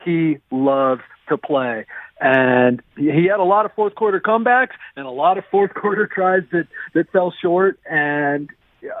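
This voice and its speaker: A man's voice: a little high, lively intonation, unhurried, dry recording. Man talking on a tinny phone line. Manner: rambling, friendly, restarts often. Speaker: sports columnist guest. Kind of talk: phone-in interview.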